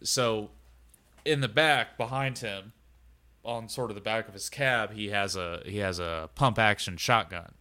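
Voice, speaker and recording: A man's voice: fairly low pitch, a little slow, bright, forceful tone. A man narrating a tabletop game as game master, talking casually and rambling with lots of filler words.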